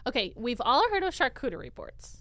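A woman co-hosting a podcast in casual chat, bubbly and eager with quick reactions. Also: high voice, sing-song, sharp tone, dry recording. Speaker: podcast co-host.

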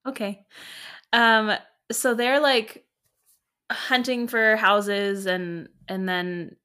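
A woman co-hosts a podcast, chatting casually with plenty of fillers and reading show blurbs aloud. Her mid-range voice holds a steady tone, with drawn-out words and a pushed, bright, clean sound.

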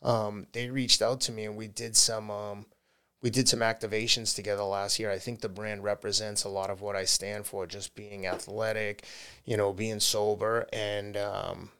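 Candid man, low voice. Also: level tone, normal speed, pushed and bright, clean tone. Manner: candid, laughs often, slips into quoted voices. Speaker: podcast guest, marathon runner. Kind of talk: casual interview talk.

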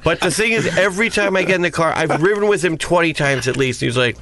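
A man's voice: on the high side, animated, fast talker, hardly any pauses, a bit bright, a little hiss or hum. A man on a podcast, telling long rambling anecdotes in casual banter.

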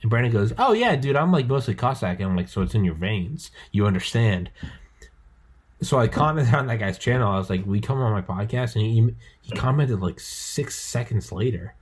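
Rambling, swearing podcast host. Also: male voice, fairly low pitch, normal speed, breathy edge. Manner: rambling storyteller, swears, acts out quotes in a raised voice. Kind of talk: casual chat.

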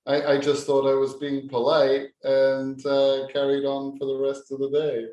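A man's voice: mid-range voice, completely flat delivery, normal speed, mellow, lo-fi sound. A man in his fifties with a British accent, speaking hesitantly and repeating words as an interview guest. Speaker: guest, co-author. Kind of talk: casual interview. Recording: roomy echo.

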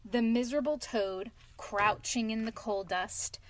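A woman narrating a storybook aloud in an expressive, even storytelling manner. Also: fairly high pitch, unhurried. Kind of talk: storybook reading.

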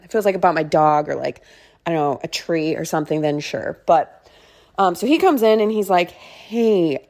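A woman in her thirties with a lowish voice tells a personal story on her podcast. She talks casually and loosely, with plenty of "like" and "you know" between her thoughts. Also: a little mellow. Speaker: podcast host.

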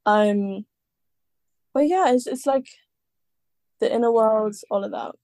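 A woman's voice: a little high, takes it slowly, a little mellow, no echo. A woman talking as a podcast guest in casual chat, rambling with many fillers and the odd swear word.

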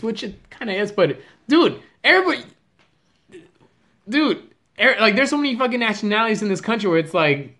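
A young man with an East Los Angeles accent, a guest on a casual podcast, joking and excitable, full of slang and swearing. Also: sits high, brisk.

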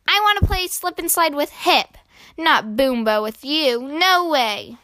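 A lively young penguin boy who acts as the bossy big brother, his voice high and bright, as a woman reader puts him on. He talks with a kid's bold confidence. The recording is close and dry. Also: normal speed, no room sound, heavily acted.

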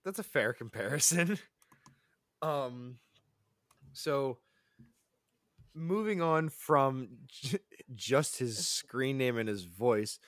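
Slow, easygoing podcast host man. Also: medium pitch, no echo, clean studio sound. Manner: laid-back, laughs easily, steers the talk. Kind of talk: casual chat.

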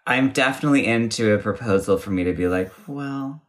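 A man's voice: lowish voice, fast talker. A man hosting a podcast, telling stories in a campy, theatrical way during a casual chat. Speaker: podcast host.

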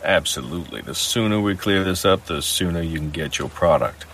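A man playing a tabletop game, making a smooth deal in casual chat. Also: sits low, animated, fairly quick, fairly bright tone, slight background noise. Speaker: player.

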